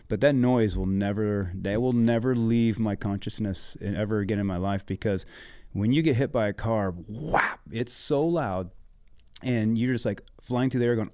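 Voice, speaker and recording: Man, middle-aged, low-pitched, casual storyteller, slangy and profane, dry close sound. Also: a little mellow, no echo. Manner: laid-back, swears a lot, says "dude" and "man". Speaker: podcast guest, former motocross racer.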